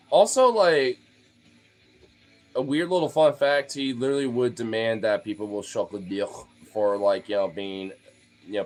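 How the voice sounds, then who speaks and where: Man ranting casually, profane and loose. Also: on the low side. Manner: profane, loose, filler-heavy with frequent laughs. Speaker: streamer talking to followers. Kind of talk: casual rambling rant.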